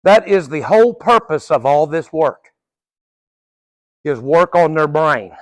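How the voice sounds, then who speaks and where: A man's voice: on the high side, animated, a little slow, no echo. A middle-aged man working as a horse trainer, coaching viewers through a live training session in a folksy, casual way with the odd curse word.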